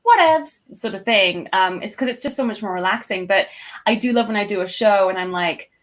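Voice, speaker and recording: A woman's voice: medium pitch, a little fast. Casting: woman in her 30s, British accent with American slips, easygoing and self-deprecating guest. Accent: British, mixed with some American. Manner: chatty, self-deprecating, loose and relaxed delivery. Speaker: guest burlesque performer. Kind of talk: casual podcast chat.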